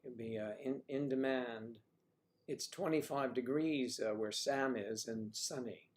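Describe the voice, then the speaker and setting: A man hosting a casual livestream chat, joking with callers and clearing his throat now and then. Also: mid-range voice, unhurried. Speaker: livestream host.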